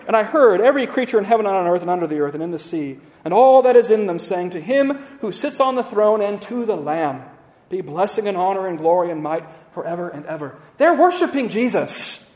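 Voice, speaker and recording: A man with a high voice teaches a Bible lesson, reading passages aloud and stopping to quiz his listeners. His voice carries a long reverb, as if he is speaking in a large hall. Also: big pitch swings, brisk. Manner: reads scripture aloud and quizzes listeners. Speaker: teacher of scripture.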